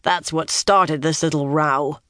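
A reader voicing a gruff, grim one-eyed male soldier who growls, talks bluntly and keeps biting back his curses. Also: medium pitch, steady tone, measured pace, fairly bright tone, no echo, clean studio sound, close to an everyday voice. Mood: grudging.

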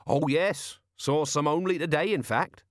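A man's voice: a little high, a little slow, no room sound, clean studio sound, pitched above the performer's own voice, natural voice. Man doing a cheeky drawling sea captain. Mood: smug. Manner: working-class, drawling, teasing. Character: sly, cheeky old male sea captain.

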